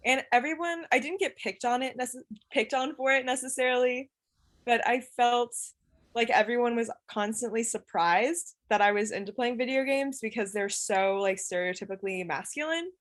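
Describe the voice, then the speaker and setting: A young woman talking as a podcast guest, casual and hesitant, with many pauses. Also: on the high side. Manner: hesitant, lots of fillers and restarts. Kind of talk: casual chat.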